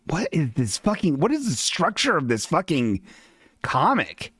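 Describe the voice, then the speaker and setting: Podcast host, man, casual and halting, swears in asides, lively intonation. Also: mid-range voice, no room sound, studio quality. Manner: rambling, halting with many restarts and swearing asides. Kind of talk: casual livestream chat, reading a comic aloud.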